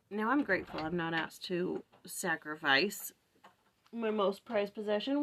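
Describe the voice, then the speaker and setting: Woman vlogger, mid-pitch, chatty and musing, home scripture study. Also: measured pace, a bit bright. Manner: thinking aloud, chatty, lots of "like" and "right?". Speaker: vlog host. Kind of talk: casual morning scripture study.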